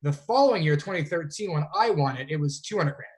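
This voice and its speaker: A man's voice: on the high side, animated, quick pace. A man from Canada, a fantasy sports player, telling long rambling stories as a guest in a casual interview. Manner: rambling, self-correcting storyteller.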